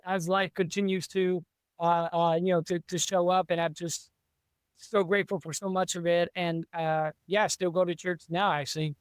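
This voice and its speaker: A man's voice: a little high, clear, resonant tone, no room sound, clean studio sound. A man, an author being interviewed, talking in an eager, rambling way with many restarts. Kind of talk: casual interview chat.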